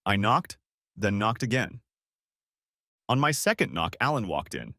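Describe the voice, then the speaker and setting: A man's voice: fairly low pitch, very animated, a little slow, sharp tone, dry recording, clean studio sound. A man narrating a first-person story for an audiobook, in a wry storytelling manner.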